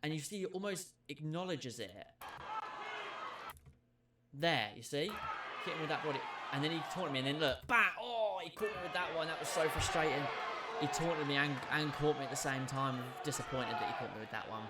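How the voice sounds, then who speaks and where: A young man reacting to footage of his own boxing match, giving animated, self-critical play-by-play. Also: on the high side, fairly quick. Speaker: boxing video creator. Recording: noticeable background noise.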